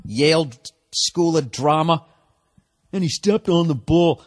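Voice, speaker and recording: A man's voice: on the high side, slow pace, no echo. Profane ranting man on a podcast. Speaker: podcast host. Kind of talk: solo podcast rant.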